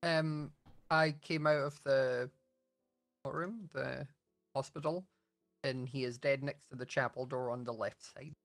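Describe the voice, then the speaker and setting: A man's voice: mid-range voice, steady tone, measured pace, long pauses, fairly bright tone, faint music behind. A man in a group game chat, reporting what he saw in a matter-of-fact way. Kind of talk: casual gaming chat.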